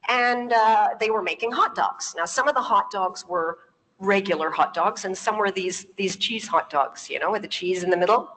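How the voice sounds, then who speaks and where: A woman's voice: medium pitch, fairly bright tone. A native English-speaking woman giving a public talk, telling stories, laughing often and putting questions to her audience. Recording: long reverb of a large hall.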